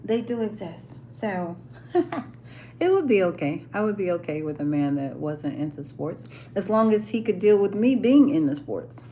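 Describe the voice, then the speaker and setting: A woman's voice: on the low side, very animated, measured pace, mellow, a little hiss or hum. A woman chatting casually and playfully, often laughing and using lots of fillers. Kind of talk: casual chat.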